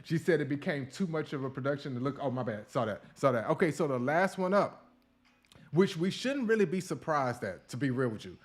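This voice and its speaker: A man's voice: fairly high pitch, a little fast. Blunt, profane male podcast host. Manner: blunt, profane, animated rants. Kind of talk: casual opinion commentary.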